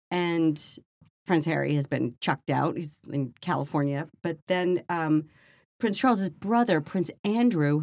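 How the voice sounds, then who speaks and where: A woman's voice: low voice, a little mellow, dry recording. Dry-miked wry middle-aged woman podcaster. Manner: wry, chatty, reads articles aloud with dry remarks. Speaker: podcast co-host. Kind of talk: casual chat, reading news aloud.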